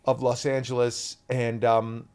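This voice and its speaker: A man in his fifties from the US East Coast, a guest actor chatting on a podcast and telling stories in an animated, rambling way. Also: medium pitch, measured pace, clean tone. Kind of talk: casual podcast chat.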